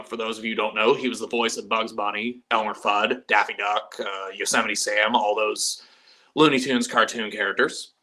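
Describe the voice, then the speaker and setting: A man's voice: mid-range voice, pushed and bright. A young man hosting a casual livestream, chatty and profane, mocking himself and laughing often. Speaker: livestream host.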